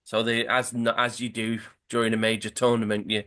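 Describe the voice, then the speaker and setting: A man's voice: on the low side, flat delivery, brisk, bright, forceful tone. A man, a podcast host casually retelling a football comic story, rambling with fillers and restarts.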